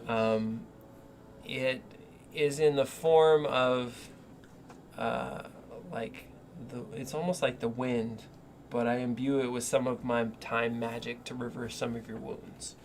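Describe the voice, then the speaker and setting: A man playing a tabletop game, rambling in an animated way as he describes his character's spells. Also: medium pitch, takes it slowly, slight background noise. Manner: rambling and animated, laughs a lot. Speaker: player. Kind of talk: casual play with in-character narration.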